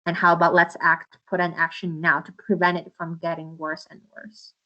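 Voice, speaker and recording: A woman's voice: on the low side, completely flat delivery, normal speed, pushed and bright, dull audio. A woman answering interview questions in an earnest, impassioned way, often restarting her sentences. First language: Uyghur. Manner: impassioned, with many restarts and fillers. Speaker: interview guest.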